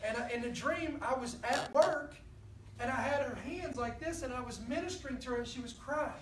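A woman preaches in a fairly high voice, telling a story and calling out to the congregation. She is picked up from a distance in an echoey church hall. A faint ambient hum sits under her voice. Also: fairly quick. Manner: storytelling, animated, addresses the congregation directly. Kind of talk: sermon.

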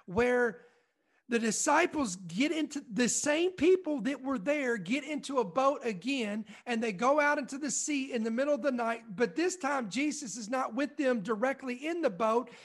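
A man's voice: very high-pitched, animated, normal speed. A man preaching a short devotional, building intensity with strings of repeated rhetorical questions.

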